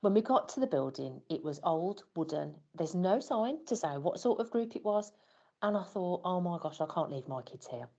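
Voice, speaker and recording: Low gravelly woman telling a story. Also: animated, normal speed, a little mellow, lo-fi sound. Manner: wry, self-deprecating storytelling. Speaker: parent in a training scenario. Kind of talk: scripted first-person story monologue.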